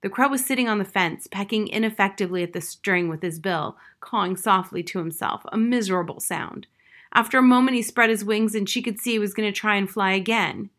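A woman's voice: mid-range voice, a bit bright. Woman reading a children's novel aloud. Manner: measured storytelling narration. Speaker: audiobook reader.

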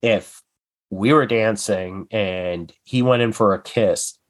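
A man's voice: lowish voice, slow pace, no room sound. A man co-hosting a podcast in casual chat, cracking crude jokes and teasing his co-host.

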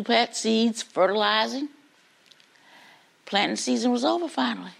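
A young woman student telling a story live in a classroom, animated and dramatic, speaking straight to her listeners. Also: a little high, creaky. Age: young adult.

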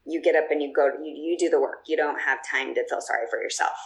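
A woman's voice: deep voice, fast, creaky, slight background noise, poor audio. A woman guest telling personal stories in a casual, chatty way, with plenty of fillers and restarts. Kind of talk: casual storytelling.

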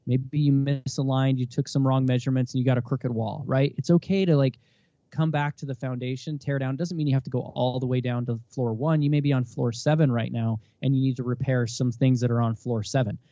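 A man's voice: mid-range voice, a little fast, no room sound, lo-fi sound. A man in his thirties, a guest in a casual interview, talking earnestly and acting out the dialogue he recounts. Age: 30s. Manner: earnest, animated, acts out quoted dialogue. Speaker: podcast guest.

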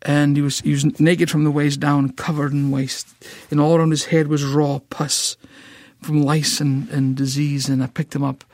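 A man's voice: a little high, level tone, moderate pace, a little mellow, no room sound, studio quality. A middle-aged Scottish man telling an emotional personal testimony, stammering and repeating words as he tells it vividly. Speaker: ministry founder, guest.

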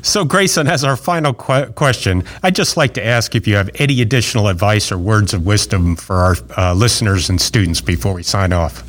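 A man hosting an interview, asking a closing question in a relaxed, slightly stumbling way. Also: lowish voice, a little fast, few pauses. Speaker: interview host. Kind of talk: wrapping up an interview.

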